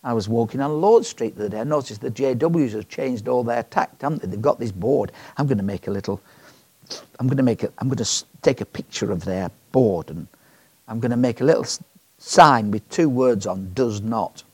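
A man's voice: mid-range voice, expressive, a little fast, a little mellow, breathy edge, no echo. A man preaching a sermon in a chatty, joking way, often asking the congregation questions.

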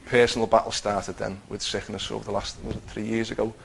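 A man's voice: fairly low pitch, flat delivery, fast, vocal fry, slight background noise, low-quality recording. A man telling a personal faith testimony in a conversational way, acting out what he and others said. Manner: conversational, acts out his own quotes, many restarts.

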